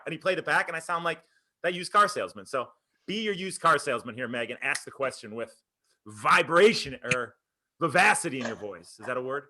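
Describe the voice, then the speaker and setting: A man co-hosting a live podcast over a video call, joking and teasing in playful, animated banter. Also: mid-range voice, a little fast. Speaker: podcast co-host.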